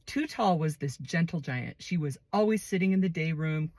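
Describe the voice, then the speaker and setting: A woman casually telling a personal story in a relaxed, conversational way. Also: deep voice, moderate pace, no echo.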